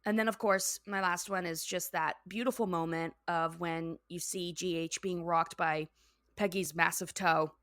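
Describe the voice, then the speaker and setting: A woman's voice: fairly low pitch, steady tone, moderate pace, a bit bright, no room sound, studio quality. Giggly young woman co-hosting a podcast. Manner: giggly, acts out quotes in character voices. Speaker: podcast co-host. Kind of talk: casual chat recapping a cartoon episode.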